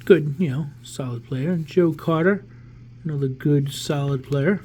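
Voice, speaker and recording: At a measured pace and in a voice on the high side, a vlogger in his 40s from the New York area opens a pack of cards and chats casually. He rambles and restarts as he thinks aloud, relaxed throughout, with a little hiss or hum in the background.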